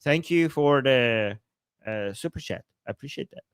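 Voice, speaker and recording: A man from Iran, hosting a live-streamed political commentary, reading chat aloud with a sarcastic, animated manner and frequent laughs. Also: mid-range voice, moderate pace, heavy background noise. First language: Persian. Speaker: political commentator and livestream host.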